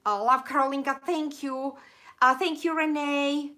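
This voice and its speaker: A woman's voice: high voice, fairly even intonation, pushed and bright. A woman with an accent hosting a live stream, rambling happily, thanking viewers and losing her voice. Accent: non-native accent. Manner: rambling, effusive, quick laughs, lots of thank-yous. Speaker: channel host of a live stream. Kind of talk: casual live-stream chat reading viewer comments.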